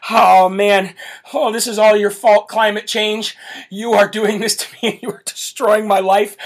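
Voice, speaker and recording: A man putting on a whiny, fed-up migrant man complaining about his home in a mocking way. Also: high voice.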